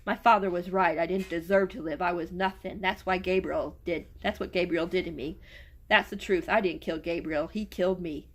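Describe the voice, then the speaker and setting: A woman's voice: on the low side, steady tone, normal speed. A woman book reviewer reading a novel aloud and retelling it in a casual way, stumbling and restarting over words.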